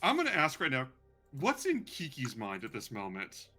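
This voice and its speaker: A man's voice: mid-range voice, huge pitch swings, moderate pace, sharp tone, soft background music. A man narrating as game master of a tabletop role-playing game, in a loose, chatty way full of fillers.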